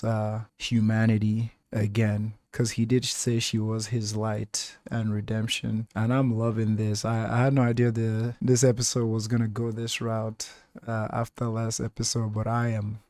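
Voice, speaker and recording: A man talks through a TV episode in relaxed, rambling commentary, dropping "like" between thoughts. His voice is warm and dark at a mid pitch. The sound is dry and close, with no room around it. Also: dry recording. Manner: relaxed, talks things through with many "like" fillers. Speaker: reaction channel host. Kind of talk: casual reaction commentary.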